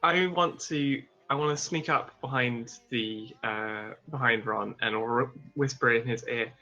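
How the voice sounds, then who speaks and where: Bright-voiced stammering man. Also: mid-range voice, a little slow, highs cut off, faint music behind. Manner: stammering, excitable, laughs easily. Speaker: player. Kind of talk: casual tabletop game play.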